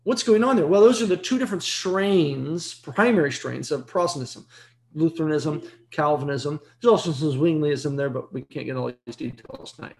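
A Bible teacher giving an evening lecture, emphatic and full of rhetorical questions, repeating key words for stress. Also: moderate pace. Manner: jumps to a high excited pitch when stressing a point.

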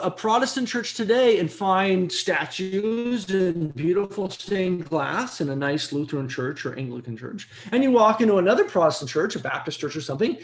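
A Bible teacher giving an evening lecture, emphatic and full of rhetorical questions, repeating key words for stress. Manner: jumps to a high excited pitch when stressing a point.

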